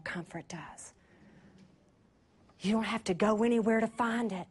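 A woman preaching a sermon through a lively personal story, laughing often and dropping to a hush at key points. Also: a little high, unhurried, pauses often, slightly rough. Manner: animated, laughing, drops to a hush for emphasis.

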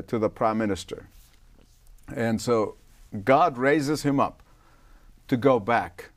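An older man, a pastor being interviewed, answering in an emphatic preaching manner that swells on key words. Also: mid-range voice. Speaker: pastor guest.

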